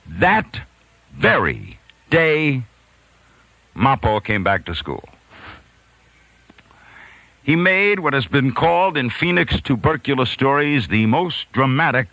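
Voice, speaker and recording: A man's voice: mid-range voice, no echo, poor audio. A man, a radio host from New York, telling a long funny story and acting out the voices of the people in it. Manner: animated storyteller, acts out voices, laughs mid-story. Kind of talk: storytelling monologue.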